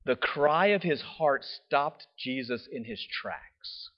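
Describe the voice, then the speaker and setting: A man preaching a sermon, telling the story with animated emphasis, often asking "right?", and dropping to a soft, slow voice for reflective points. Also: mid-range voice. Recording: dull lo-fi recording.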